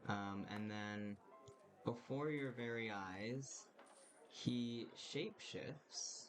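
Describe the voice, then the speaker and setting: A man's voice: mid-range voice, drawn-out words. A man narrating a tabletop game as game master, casually and with many hesitant fillers. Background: music.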